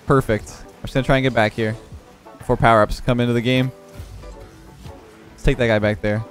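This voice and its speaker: A young man giving live commentary over his own gameplay, excitable and quick to laugh, with frequent exclamations. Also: mid-range voice, faint music behind. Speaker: gaming YouTuber.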